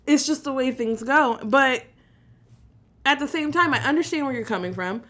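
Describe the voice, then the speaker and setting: A woman's voice: high-pitched, moderate pace. A woman co-hosting a casual podcast chat, swearing freely and breaking into laughter as she tells stories. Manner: laughs often, swears freely, animated storytelling. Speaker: podcast co-host.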